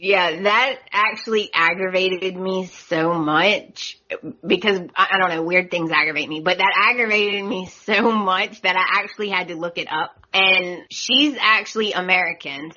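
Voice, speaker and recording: Slow-talking bright woman podcast host. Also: medium pitch, muffled recording. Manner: chatty, exasperated opinions. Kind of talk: casual recap chat.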